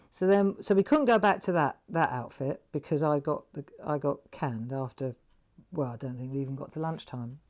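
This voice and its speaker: Woman craft host, lowish voice, rambling anecdotes full of "right?". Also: darkish tone. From England. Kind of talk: chatty storytelling while demonstrating a craft.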